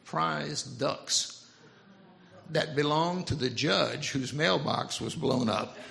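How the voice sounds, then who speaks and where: A man's voice: a little high, slow pace, vocal fry, background noise. An older man preaching a folksy sermon in a church, telling stories with humor. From Louisiana Cajun. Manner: folksy, animated storytelling with humor. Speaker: pastor. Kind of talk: storytelling sermon. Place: church sanctuary.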